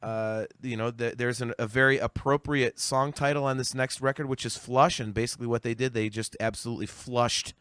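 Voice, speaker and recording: A man's voice: medium pitch, fairly even intonation, fairly quick, few pauses, fairly bright tone, clear, resonant tone, no room sound, studio quality. A man in his forties, a podcast guest in casual discussion, ranting heatedly and profanely with many stammered restarts. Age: 40s.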